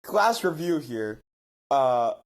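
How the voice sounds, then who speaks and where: A man's voice: medium pitch, very animated, slow pace. A man co-hosting a casual comedy podcast, joking and profane, with a few words pronounced oddly. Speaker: podcast co-host. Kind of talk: casual chat.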